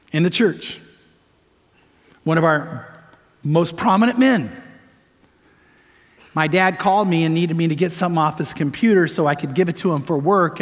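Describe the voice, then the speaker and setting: A man's voice: a little high, a bit bright. A man pastor delivering a sermon in an emphatic preaching manner, pressing points with repeated phrases. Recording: long reverb of a large hall.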